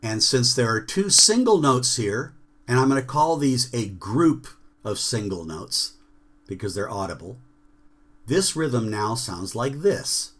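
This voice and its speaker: A man teaches a jazz rhythm workshop over a video call. He speaks slowly and deliberately, with a bright, forceful tone. He breaks off into sung rhythm syllables and checks that everyone is following. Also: mid-range voice, lively intonation.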